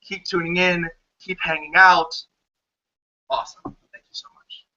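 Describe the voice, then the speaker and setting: A man's voice: high-pitched, little pitch movement, a little slow, sharp tone. A man with a New Jersey accent performing spoken word poetry in a punchy, sardonic way, on a dull lo-fi livestream recording. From United States. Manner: punchy, sardonic delivery with profanity. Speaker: poet.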